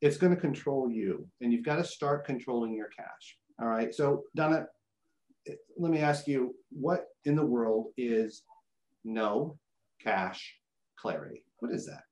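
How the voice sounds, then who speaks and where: A man's voice: mid-range voice, moderate pace, darkish tone. Jokey male host in echoey room. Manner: jokey, laughs often, playful reactions. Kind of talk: casual interview.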